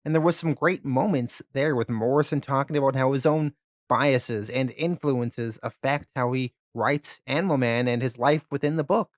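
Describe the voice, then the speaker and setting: A man narrating a comic book story recap and then giving his review, in a casual, relaxed way with occasional filler words. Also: medium pitch, moderate pace.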